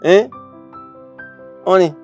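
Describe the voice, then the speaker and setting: A man's voice: very slow, a little mellow, soft background music. A man playing a coaxing Jamaican boyfriend. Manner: coaxing, repeats himself in patois. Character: Jamaican man soothing his girlfriend. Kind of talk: indie film acting.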